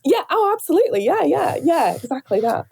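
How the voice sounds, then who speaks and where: A woman from Northern England with a softened Northern accent, talking reflectively in an interview, searching for words with many pauses and restarts. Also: sits high, sing-song, creaky. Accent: Northern English, softened. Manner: thoughtful, hesitant, many fillers and restarts. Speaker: radio presenter, guest.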